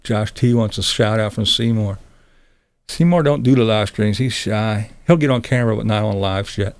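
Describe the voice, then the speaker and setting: A man's voice: on the low side, moderate pace, clean tone, no room sound. A middle-aged man hosting a live stream, chatting casually with viewers in a blunt, sarcastic way, swearing and laughing often. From Pennsylvania.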